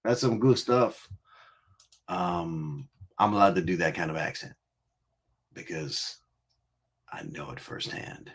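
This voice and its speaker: A man with a lowish voice hosts a music livestream in easy, unhurried chat. His pitch rises and falls a lot as he teases viewers, rambles and laughs often. He is from Connecticut. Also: animated, slightly rough. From Connecticut, USA. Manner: playful, teasing, rambling with frequent laughs. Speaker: livestream music show host.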